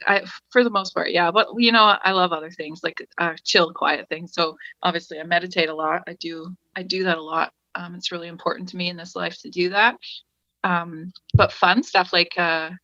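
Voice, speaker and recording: A young woman from the west coast of Canada, a guest chatting in a relaxed, upbeat way. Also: fairly low pitch, moderate pace, no echo, lo-fi sound. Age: young adult. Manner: upbeat, easygoing, laughs readily. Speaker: podcast guest. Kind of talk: casual interview chat.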